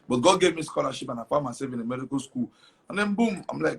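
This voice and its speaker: A man's voice: mid-range voice, expressive, quick pace, vocal fry, husky. A young man from Cameroon, telling his story animatedly in an interview, repeating words and slipping into Pidgin. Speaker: comedian guest.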